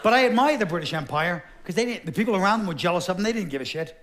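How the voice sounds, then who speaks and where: Sardonic high-voiced comedian, live theater. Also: male voice, background noise. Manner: sardonic, deadpan, quick asides, drops into put-on voices. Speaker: stand-up comedian. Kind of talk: stand-up comedy. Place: Broadway theater stage, live audience. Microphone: stage microphone.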